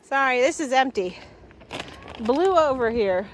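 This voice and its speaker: A woman's voice: high-pitched, animated, a little slow, slight background noise. A young woman vlogging on her farm, chatting casually as she works outdoors in a pasture and calling her cattle in a sing-song voice. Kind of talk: casual chat while doing farm chores.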